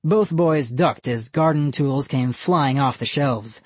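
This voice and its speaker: A narrator reading a scary children's story in measured, even storytelling. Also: medium pitch, dry recording. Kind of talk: scripted audiobook narration.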